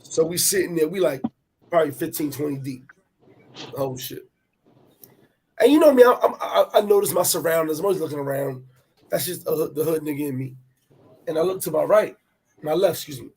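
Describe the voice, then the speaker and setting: A man telling a personal travel story in animated, profane street talk, repeating words as he goes. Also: on the high side, breathy edge. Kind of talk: casual storytelling chat.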